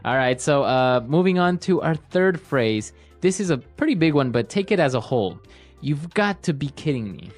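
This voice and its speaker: A man's voice: a little high, big pitch swings, moderate pace, faint music behind. A man hosting an English lesson podcast, moving through the phrases with short prompts and recaps. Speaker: podcast host and English teacher.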